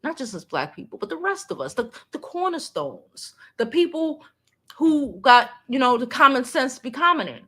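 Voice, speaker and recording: A woman's voice: high-pitched, very animated, moderate pace, fairly bright tone. A middle-aged woman hosting a live stream, chatting casually and animatedly with frequent fillers and restarts. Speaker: channel host.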